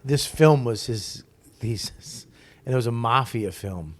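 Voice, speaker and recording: A man tells stories as a comedian guest in a relaxed interview, with plenty of swearing. He gets animated and acts out what other people said. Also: mid-range voice, measured pace. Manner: profane, animated storyteller who acts out quotes. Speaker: stand-up comic guest. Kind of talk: casual storytelling interview.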